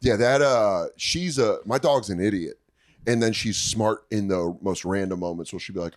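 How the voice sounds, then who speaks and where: A man's voice: on the low side, normal speed, no echo, studio quality. A man co-hosting a podcast in casual chat, loose and laughing, slipping into mocking voices. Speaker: podcast co-host.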